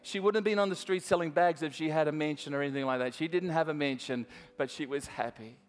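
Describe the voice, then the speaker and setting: This fast-talking Australian preacher has a fairly high voice, and his words trail off into a long reverb tail. He chats his way through a story during a church sermon, frequently starting over and talking directly to the congregation.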